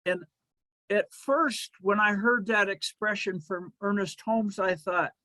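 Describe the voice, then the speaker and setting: A man with a fairly high voice preaches in a slow, deliberate rhythm. He lets his phrases settle with pauses between them. His voice is close and dry, with no room sound. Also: fairly even intonation, bright, forceful tone, no echo. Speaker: minister. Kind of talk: sermon.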